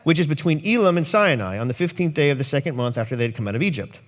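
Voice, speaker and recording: Male pastor, fairly high voice, lively sermon delivery with playful acted-out quotes. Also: rapid-fire. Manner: animated, jokey asides and voiced quotes.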